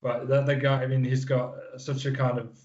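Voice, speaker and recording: Thirties guest from the Isle of Man, mid-pitched, loose rambling storyteller, muffled audio. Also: little pitch movement, moderate pace, darkish tone. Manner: rambling, lots of fillers and restarts. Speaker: guest wrestler. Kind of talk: casual interview chat.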